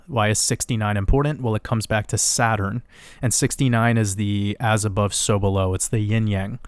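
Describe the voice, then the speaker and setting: A man giving a casual, rambling crypto chart analysis, getting excited and swearing now and then. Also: lowish voice, dry recording. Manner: excitable, rambling, swears, laughs at own numbers.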